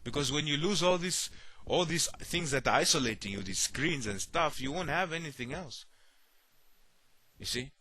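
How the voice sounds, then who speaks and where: Bright-voiced male preacher. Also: fairly high pitch, lively intonation, moderate pace. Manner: repeats words, rhetorical "you see?"; acts out worried voices. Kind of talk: sermon.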